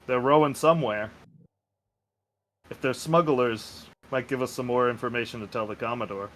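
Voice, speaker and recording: A man's voice: mid-range voice, normal speed, a bit bright, a little hiss or hum, poor audio. A man playing a tabletop game, chatting casually with many hesitations. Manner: hesitant, filler-heavy. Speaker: player.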